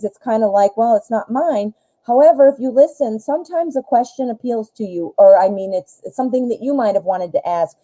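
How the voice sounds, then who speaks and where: A woman with a deep, mellow, dark tone hosts a live tarot stream from home. She talks straight to her viewers, emphatic and protective, firm and scolding when she gets heated. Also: rough recording. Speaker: tarot reader host. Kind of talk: live-stream advice chat.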